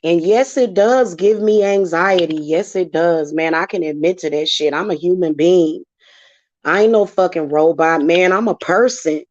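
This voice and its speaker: This witchcraft vlogger speaks on the low side at a moderate pace, her tone darkish, as she rants angrily and emotionally, cursing freely about spiritual work in a casual vlog. Dry, dull lo-fi audio with no echo.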